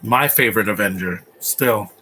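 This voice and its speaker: A man's voice: fairly low pitch, moderate pace, pushed and bright, husky. A man giving a casual, opinionated live commentary over a movie, rambling with frequent restarts. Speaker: host.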